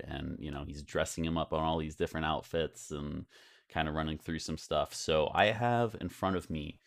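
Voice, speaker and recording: Deep gravelly man, rambling chat. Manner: loose, rambling, swears casually. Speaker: podcast host. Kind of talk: casual podcast chat.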